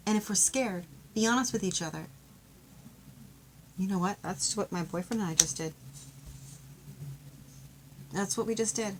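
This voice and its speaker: A woman giving an intuitive love card reading, talking in a gentle, heartfelt, chatty way and sharing her own story. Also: mid-range voice, moderate pace, long pauses, a little hiss or hum, low-quality recording. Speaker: tarot card reader.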